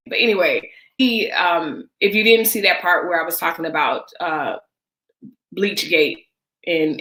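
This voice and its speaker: A woman's voice: lowish voice, pushed and bright, reverberant, poor audio. A woman hosting a casual livestream chat, candid and emphatic, speaking straight to her viewers with a sarcastic edge. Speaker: livestream host.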